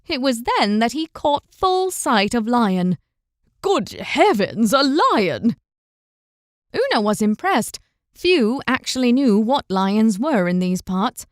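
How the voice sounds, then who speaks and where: A woman's voice: fairly high pitch, dry recording, clean studio sound. Woman narrating a fantasy audiobook. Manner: even, measured storytelling.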